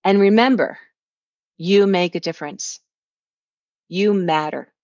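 A woman's voice: medium pitch, slow, darkish tone, no room sound, highs cut off. A woman hosting a podcast, talking in an enthusiastic, encouraging way as she wraps up an interview. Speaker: podcast host.

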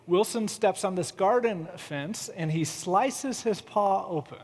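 A man with a high voice preaches in an easy, chatty way, slipping into funny storytelling. His words carry the long reverb of a large church hall. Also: measured pace. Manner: conversational, humorous storytelling. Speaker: pastor. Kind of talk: sermon.

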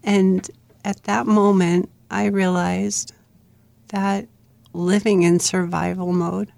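A middle-aged woman tells her own story as a guest in an interview. Her voice has a gravelly, fry-edged texture and stays in a narrow, even band of pitch. She speaks in an earnest, plain way, recorded close and dry. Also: dry recording. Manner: earnest, plain-spoken, steady narration. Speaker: memoir author guest.

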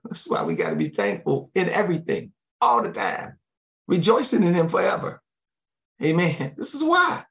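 A man preaching a sermon, chuckling often and dropping amens and soft thanks to Jesus between his points. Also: fairly high pitch, huge pitch swings, moderate pace, gravelly, pauses often.

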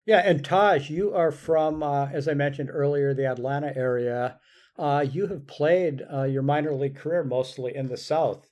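A man's voice: fairly high pitch, moderate pace, darkish tone. Chatty male podcast host. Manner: chatty, laughs easily. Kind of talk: casual podcast interview.

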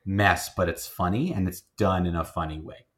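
Casual low-voiced man reviewing films. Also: normal speed, fairly bright tone. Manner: rambling, filler-heavy, self-restarting. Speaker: film review host. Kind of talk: casual movie review chat.

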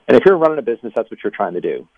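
A man, a former pastor, being interviewed on the radio and telling animated stories, laughing between lines. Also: medium pitch, very fast, no echo. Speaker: ministry guest, former pastor. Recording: dry tinny phone line.

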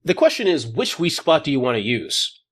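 A man's voice: on the high side, big pitch swings, fairly quick, a bit bright, slightly rough. A man running a tabletop role-playing game as game master, joking about how his plans went wrong. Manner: jokey, laughing at his own plans going wrong.

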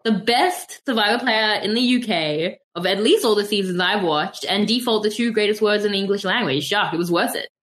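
Woman hosting a chatty podcast, teasing, relaxed back-and-forth. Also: medium pitch, fairly quick, few pauses. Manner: playful, teasing. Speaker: podcast host. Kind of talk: casual podcast chat.

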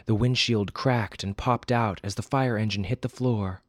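A man hosting a podcast and reading a story aloud with expressive, wry delivery. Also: lowish voice, moderate pace, no room sound, clean studio sound. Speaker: podcast host and narrator. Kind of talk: storybook narration.

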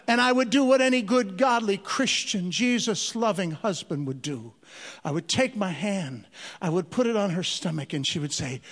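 A man telling a comic story to a church audience, with animated, drawn-out delivery. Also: high-pitched. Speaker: comedian. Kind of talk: stand-up storytelling. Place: church hall. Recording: long reverb of a large hall.

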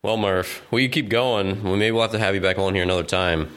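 A man hosting a casual podcast interview, talking in a relaxed, friendly way. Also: low voice, a little fast. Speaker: podcast host.

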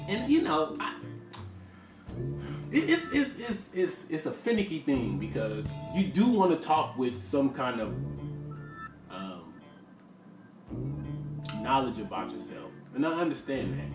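A man in his forties, a musician, talking frankly in a rambling, stop-start casual monologue. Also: medium pitch. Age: 40s. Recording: echoey room, voice from far off, music behind.

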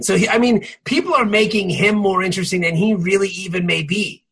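A man in his thirties co-hosting a podcast, chatting casually in an animated, joking way. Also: sits high, brisk, husky. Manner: animated and joking, laughs often. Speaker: podcast co-host. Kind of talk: casual chat.

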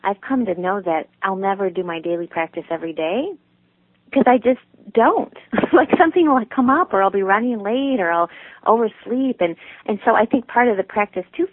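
A woman's voice: medium pitch, dry recording. A woman, the author being interviewed, speaking reflectively about her own practice and laughing easily. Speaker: guest author. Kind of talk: casual interview chat. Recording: dry phone line.

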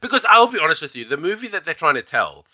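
A man co-hosting a podcast in casual chat, rambling and animated, with lots of fillers. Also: fairly high pitch, fast, no room sound, dull audio. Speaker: podcast co-host.

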